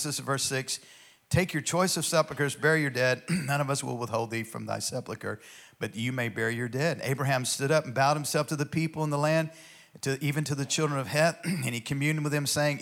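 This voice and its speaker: A man, a pastor, teaching a Bible study in an enthusiastic, conversational way, reading verses aloud and commenting between them and often clearing his throat. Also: medium pitch, a bit bright.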